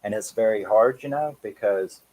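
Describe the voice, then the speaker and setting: A man in his thirties with a Cockney accent talks loosely on a live stream. His voice sits fairly low and sounds husky. He rambles from point to point and keeps breaking into small chuckles. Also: moderate pace, a little mellow, rough recording. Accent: Cockney English. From England. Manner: rambling, chatty, chuckles often. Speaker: horror channel host. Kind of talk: casual live-stream chat.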